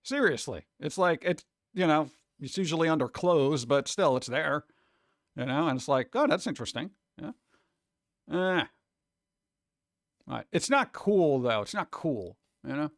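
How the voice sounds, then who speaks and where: A man chatting casually on a live stream, rambling and animated, jumping between topics and slipping into mocking voices. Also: fairly high pitch, a little slow, pauses often, no room sound, clean studio sound.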